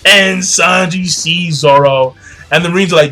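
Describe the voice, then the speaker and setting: Brief: young man, fairly high and bright, cussing, rambling, full of fillers, soft music underneath. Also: normal speed. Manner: profane, slangy and rambling, with frequent fillers. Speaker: manga chapter reviewer. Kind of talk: casual recap monologue.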